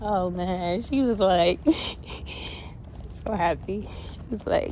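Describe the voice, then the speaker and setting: A woman chatting casually on a walk outdoors, reacting to an interview with animated, blunt talk, laughter and swearing. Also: medium pitch, takes it slowly, long pauses, a little hiss or hum, poor audio. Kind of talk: casual chat.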